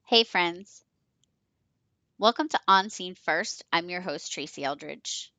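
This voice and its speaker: A woman's voice: fairly low pitch, takes it slowly, sharp tone, no echo. A woman in her forties hosting a podcast, chatty and enthusiastic as she talks about her work and tells stories. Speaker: podcast host. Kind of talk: podcast intro monologue.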